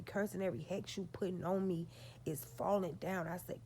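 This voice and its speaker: Woman vlogger, low gravelly voice, profane, emphatic storyteller. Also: fairly even intonation, a little fast, mellow, slight background noise. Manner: profane, emphatic, talks straight to her audience. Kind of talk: storytelling to her viewers.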